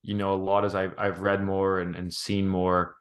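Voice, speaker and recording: A man co-hosting a podcast, thinking out loud in a rambling, thoughtful way with many restarts. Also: low voice, completely flat delivery, normal speed. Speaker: podcast co-host. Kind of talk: casual podcast chat.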